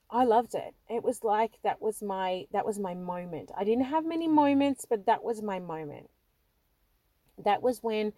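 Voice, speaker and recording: A middle-aged woman, a podcast host, delivers a personal storytelling monologue full of self-deprecating tales, laughing often and nervously restarting sentences. Her voice sits in the mid-range with a dark tone, and there's no room sound.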